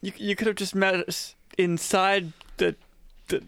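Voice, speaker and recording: A man's voice: high voice, little pitch movement, a little slow, creaky, fairly bright tone, clean tone, dry recording. A man playing a character in a tabletop game, joking around in a goofy way. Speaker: player. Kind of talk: casual tabletop play.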